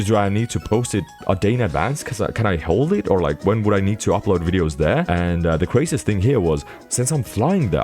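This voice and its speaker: Young guy rambling through a vlog recap, lowish voice that jumps around a lot, jokes at his own expense. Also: darkish tone. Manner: rambling, self-mocking, with quick asides. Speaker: vlogger.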